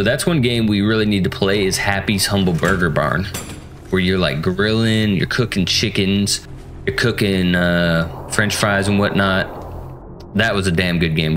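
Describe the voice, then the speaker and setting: A man with a fairly low voice commentates a horror game in a playful, joking way. He keeps chatting to the characters on screen. Faint music plays underneath. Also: a bit bright. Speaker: gaming channel host.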